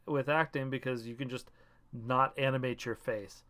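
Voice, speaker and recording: A man's voice: medium pitch, fairly even intonation, moderate pace, a bit bright. A man running a tabletop game as game master, explaining and narrating with frequent hesitations. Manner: hesitant, many ums.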